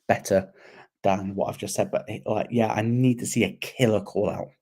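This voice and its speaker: A man co-hosting a casual sports chat, talking in an animated, rambling way and often repeating himself. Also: lowish voice, normal speed, breathy edge. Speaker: podcast co-host.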